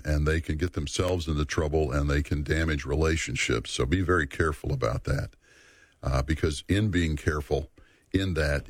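A man teaching a Bible study series in an earnest, measured way, repeating words for emphasis. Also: a bass voice, no echo.

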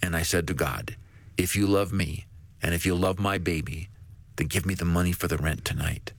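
A tearful young waitress and single mother at the end of her rope, voiced by a man retelling her story. She speaks low and quietly, pleading more than complaining. The sound is close and dry. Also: moderate pace, no room sound.

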